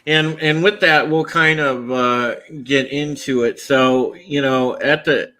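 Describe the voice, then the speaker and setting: A man's voice: mid-range voice, fairly even intonation, takes it slowly, sharp tone, rough recording. A man hosting a casual podcast panel, talking in a laid-back, drawling way with lots of fillers. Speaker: podcast host.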